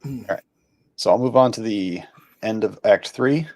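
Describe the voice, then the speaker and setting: A man co-hosting a podcast, chatting casually and reading an episode recap, with thoughtful, halting restarts. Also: fairly low pitch, a little mellow. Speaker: podcast co-host.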